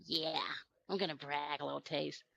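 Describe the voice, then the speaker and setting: Woman talk show host, gushing and emotional, gravelly and forceful tone. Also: low voice, fairly even intonation, normal speed, no room sound, rough recording. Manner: gushing, emotional, introducing guests. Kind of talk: casual talk-show hosting.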